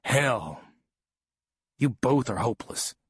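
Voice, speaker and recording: A man voicing an abusive, short-tempered father who coaxes and threatens in a lower, quieter voice. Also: sing-song, slow, husky, no room sound, clean studio sound, full character voice. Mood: menacing. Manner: coaxing then harsh and menacing.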